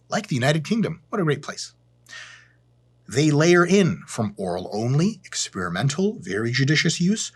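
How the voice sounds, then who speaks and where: Male fitness host, blunt and profane, deadpan jokes, slightly raspy voice. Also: mid-range voice. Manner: sarcastic and blunt, swears freely; deadpan asides. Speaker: fitness educator hosting his channel. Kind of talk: profane, joking educational rant to camera.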